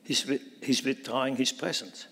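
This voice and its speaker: A man's voice: medium pitch, steady tone, normal speed, gravelly, pushed and bright, slightly rough. Preacher man in a reverberant hall. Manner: dramatic, voices biblical dialogue with rising intensity. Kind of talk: sermon.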